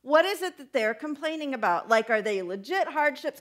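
A woman's voice: high-pitched, normal speed, few pauses. A young woman pastor preaching a conversational sermon, asking her listeners questions as she goes. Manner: conversational, animated, asks the congregation questions.

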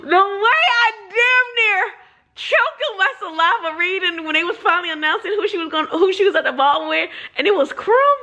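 A young woman vlogger reacting to a book in excitable, slangy casual chat. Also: extremely high pitch, moderate pace. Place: public place.

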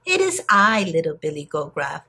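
A woman voicing a little young male billy goat with a high, piping voice. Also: huge pitch swings, normal speed, vocal fry, sharp tone, breathy edge, heavily acted. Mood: polite.

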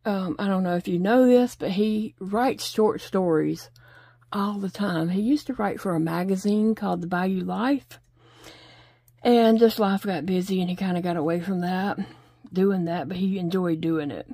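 A middle-aged woman chats easily about home life as she crochets, laughing often and pausing to count stitches under her breath. Her voice is mellow and soft-edged, heard dry and close with no room around it. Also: medium pitch, no echo. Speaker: crochet vlogger. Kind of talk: casual chat while crocheting.

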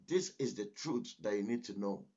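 A man preaching with a husky, slightly breathy voice whose pitch swings widely as he exhorts. The sound is dull and lo-fi, as if from a modest recording setup. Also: expressive, moderate pace, dark tone. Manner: emphatic, exhorting, repeats "listen". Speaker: pastor. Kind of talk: sermon.

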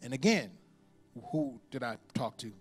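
A pastor in his forties delivering a sermon, telling a personal story with lively impressions of the people in it. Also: medium pitch, a little slow, soft background music. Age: 40s. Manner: storytelling with animated impressions and laughter.

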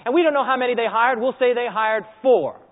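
High, lively male preacher in echoey hall. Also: brisk. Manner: animated storytelling, acts out scenes and quizzes the audience. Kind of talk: sermon. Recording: echoey hall over a tinny phone-like line.

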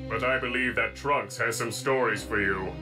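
A man voicing a stoic android who talks in a flat, formal way, heard as a show clip over music. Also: mid-range voice, normal speed, close to an everyday voice. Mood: stern. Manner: deadpan, formal, flat robotic diction. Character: stoic android, now just a severed head.

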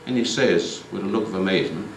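A man giving a lively comic recitation at a community concert. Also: low voice, quick pace, creaky, a little hiss or hum. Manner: lively storytelling. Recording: echoey hall, mic far off.

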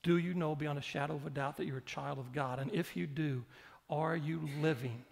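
Gravelly guy preaching, fairly high voice, lots of hall echo. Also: fairly even intonation, normal speed. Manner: preaching with repetition and direct questions to the congregation. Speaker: pastor. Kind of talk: sermon. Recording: long hall reverb.

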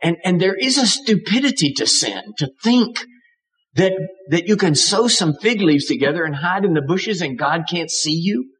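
A man's voice: sits high, expressive, moderate pace, a bit bright, poor audio. An older man preaching a sermon, with dramatic emphasis and acted-out voices. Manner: dramatic, acts out voices of God and characters.

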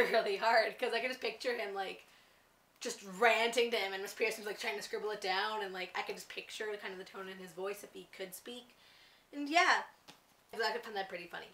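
A teenage girl chatting excitedly about a book to camera, gushing, with lots of "like"s and restarts. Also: medium pitch, a little fast. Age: teens. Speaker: book vlogger. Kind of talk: casual book review to camera. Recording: echoey room, somewhat far from mic.

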